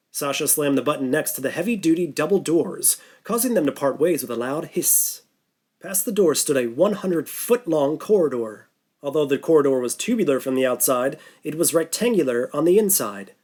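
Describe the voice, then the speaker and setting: A man reading a thriller audiobook in a steady, even narration. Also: a little high. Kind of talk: scripted narration.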